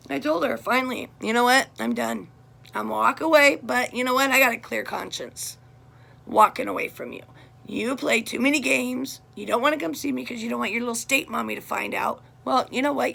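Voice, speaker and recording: A woman's voice: a little high, a little fast, vocal fry, sharp tone. A middle-aged woman talking straight to camera about her family, blunt and heated as she vents. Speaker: vlogger. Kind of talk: casual personal monologue.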